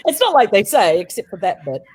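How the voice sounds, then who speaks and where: A woman's voice: mid-range voice, sing-song, brisk, slightly rough. A woman with a New Zealand accent on a video call, chatting playfully and with dry humor as a livestream guest. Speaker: guest author. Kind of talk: casual chat on a livestream.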